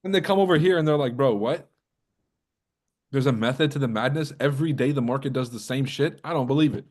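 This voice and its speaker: At a brisk clip and medium pitch, a man running a trading livestream jokes around, swears freely and teases his viewers. He is a trading coach, and the talk stays casual throughout.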